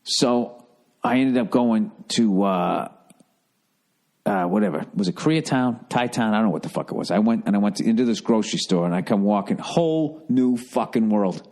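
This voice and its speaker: Middle-aged American man hosting a podcast, swearing and rambling through a comic story in a lively, animated way. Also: lowish voice, moderate pace, creaky. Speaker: podcast host. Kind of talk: casual comedic storytelling.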